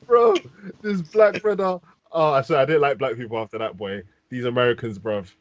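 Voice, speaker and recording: A London podcast host with a London accent speaks at a brisk, medium pitch, animatedly telling slang-heavy stories. The casual storytelling comes through a dull, dry podcast mic.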